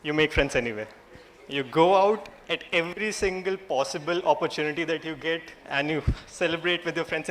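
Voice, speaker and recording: A man in his late twenties with an Indian English accent, giving a humorous, self-mocking motivational talk to new students and building to loud, emphatic lines. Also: on the high side, slight background noise. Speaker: speaker addressing new law students.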